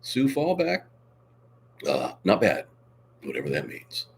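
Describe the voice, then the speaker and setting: Hoarse male stream host, very low voice, lively swings in pitch, faint noise behind. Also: takes it slowly. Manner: showy, reads out viewer comments. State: hoarse, coughing. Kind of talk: casual live stream chat.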